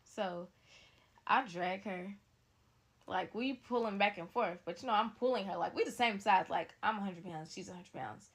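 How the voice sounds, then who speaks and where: A young woman telling a story in a casual, blunt, animated way, talking straight to her viewers. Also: medium pitch, normal speed, slightly rough.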